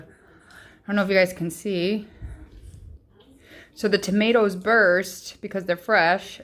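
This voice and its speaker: A woman's voice: mid-range voice, slow, fairly bright tone, rough recording. Chatty woman hosting a home cooking vlog. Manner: chatty, rambling, with frequent ums. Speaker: home cook and channel host. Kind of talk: casual cooking vlog chat.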